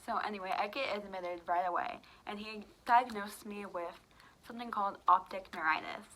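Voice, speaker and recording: A woman's voice: mid-range voice, moderate pace, pushed and bright, a little hiss or hum, rough recording. A young woman vlogger telling a casual storytime, chatty with lots of fillers, acting out what each person said. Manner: chatty, many fillers, acts out quoted dialogue.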